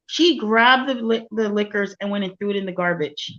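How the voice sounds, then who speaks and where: A woman guest recounting a personal story in an interview, speaking quietly and softly. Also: on the high side, a little fast, hardly any pauses, highs cut off. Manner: soft-spoken, quiet storytelling.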